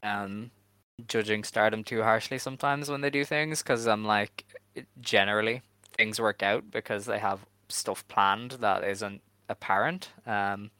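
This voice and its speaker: A man hosting a casual podcast chat, talking in a relaxed, hedging way with lots of fillers. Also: fairly low pitch, unhurried, smooth, no echo, poor audio. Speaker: podcast host.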